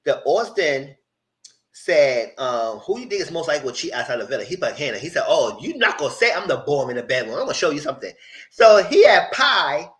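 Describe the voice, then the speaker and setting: A man recapping a reality dating show live, in loose casual chat. His bright, slightly high voice swings widely in pitch, and he acts out the lines he quotes. When something excites him he jumps up into a high, shrieking register. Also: fairly quick.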